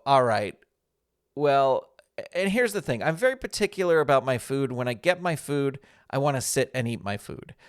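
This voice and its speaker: His voice is smooth and fairly high. He's a podcast host in his fifties delivering a casual, chatty monologue that pokes fun at himself, growing animated whenever he quotes someone.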